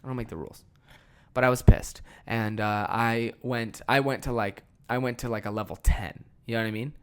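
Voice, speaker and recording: A man's voice: mid-range voice, steady tone, moderate pace, clean tone. Profane, heated man ranting on a podcast. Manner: profane, heated storytelling with big swings in loudness; self-deprecating, laughs at himself. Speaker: podcast host. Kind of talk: casual ranting monologue.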